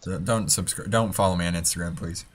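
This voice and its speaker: A man's voice: low-pitched, steady tone, fast talker. A young man in college hosting a casual podcast, talking in a laid-back, rambling way. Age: young adult. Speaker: podcast host. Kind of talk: casual chat. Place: college dorm room.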